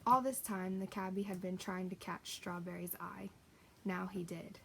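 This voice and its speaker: A woman reads a children's novel aloud, telling it with expression. Her voice is of middle pitch. A faint hiss runs underneath. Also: fairly even intonation, normal speed, creaky, sharp tone, low-quality recording. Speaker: reader.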